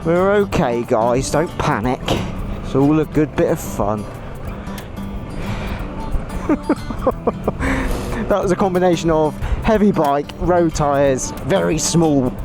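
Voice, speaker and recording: Young man, slightly high voice, casual self-mocking ride commentary over music. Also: measured pace. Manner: exclaiming, laughing at himself, swearing. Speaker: motorcycle vlogger. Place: outdoors on a motorbike trail. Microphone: action camera with portable recorder.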